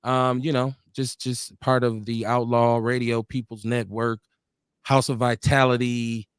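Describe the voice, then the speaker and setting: A man's voice: mid-range voice, little pitch movement, unhurried, smooth, no echo. Man, podcast host, laid-back, repeats himself, dry sound. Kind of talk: casual live-stream hosting. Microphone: video call.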